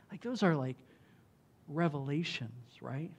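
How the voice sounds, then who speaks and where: A man giving a sermon as a pastor. He talks in a loose, conversational way, often saying "like" and "right?", and gets loud and emphatic when he reads scripture aloud. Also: a little high, normal speed. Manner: conversational preaching with frequent "like" and "right?".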